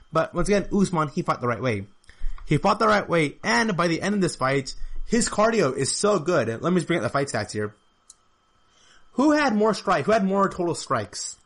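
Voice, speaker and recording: Male podcast host, slightly high voice, chatty solo fight breakdown, repeats key stats. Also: fairly bright tone. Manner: talkative, repeats figures and points for emphasis.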